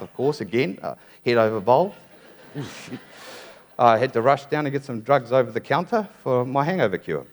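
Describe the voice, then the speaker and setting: A middle-aged man giving a playful, pun-filled talk on stage to a design audience. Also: mid-range voice. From New Zealand. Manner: playful, wry storytelling full of puns. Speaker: design conference speaker.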